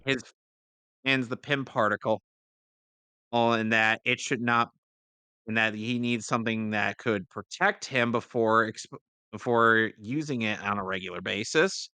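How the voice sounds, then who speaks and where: A man's voice: lowish voice, steady tone, a little slow, bright, forceful tone, clean tone, no echo. A man co-hosting a casual reaction podcast, chatty and explaining plot details at length. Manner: chatty, explains at length, agrees with lots of yeah. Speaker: podcast co-host.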